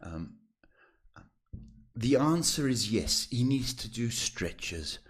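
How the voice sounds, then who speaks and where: A man hosting a live psychic reading podcast, talking in a reassuring, chatty way with drawn-out emphasis and many fillers. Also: medium pitch, very animated, a bit bright, husky. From South Africa. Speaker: psychic host.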